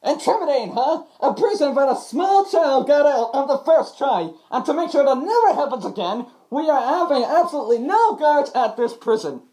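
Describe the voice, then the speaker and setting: A woman's voice: high voice, animated, normal speed, hardly any pauses, warm tone, voice pushed down, poor audio. A woman putting on a pompous masked villain, mock-Russian.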